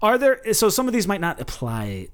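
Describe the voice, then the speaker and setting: Expressive podcast host with a lively voice. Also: mid-range voice, a little fast. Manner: chatty, rambling asides, expressive. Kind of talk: casual film discussion.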